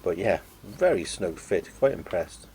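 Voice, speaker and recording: A man's voice: deep voice, very animated, measured pace, darkish tone, slight background noise. A man casually narrating his own watch-building hobby, chatty and self-deprecating.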